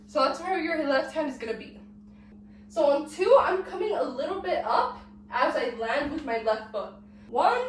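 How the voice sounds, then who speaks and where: A woman's voice: high voice, recorded from a distance, a little hiss or hum. A young woman, sick and out of breath, teaching a dance step by step and counting the beats aloud while she moves. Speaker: dance tutorial host. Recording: echoey room, voice off-mic.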